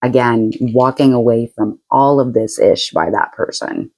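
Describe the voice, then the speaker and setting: A woman's voice: very deep voice, a little slow, darkish tone, rough recording. A woman giving a casual tarot reading to her viewers, chatty and frank, laughing often and using blunt slang. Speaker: tarot reader.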